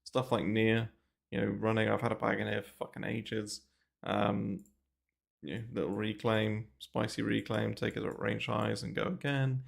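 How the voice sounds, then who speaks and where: A man's voice: fairly low pitch, flat delivery, normal speed, gravelly. A man giving casual, rambling market commentary on a livestream, full of fillers and casual swearing, speaking into a close desk mic in a small bare room. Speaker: crypto trading streamer. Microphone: desk mic moved close to mouth.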